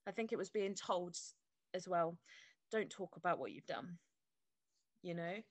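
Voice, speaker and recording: A woman's voice: fairly low pitch, measured pace, dry recording. A woman, telling a very personal story as a guest, openly and emotionally, acting out her own past thoughts. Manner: emotional, candid, quotes herself a lot. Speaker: interview guest.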